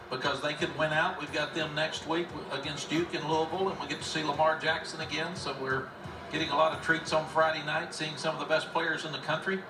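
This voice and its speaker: Chatty higher-voiced color commentator. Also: male voice, recorded from a distance. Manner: chatty, appreciative analysis. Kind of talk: live game commentary. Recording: roomy broadcast audio with music.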